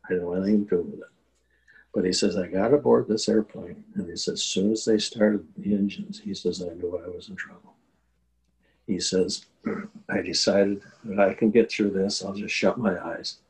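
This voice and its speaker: Older man, deep voice, earnest interview storyteller with fillers. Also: steady tone, normal speed, a little mellow, poor audio. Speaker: guest telling a war veteran story.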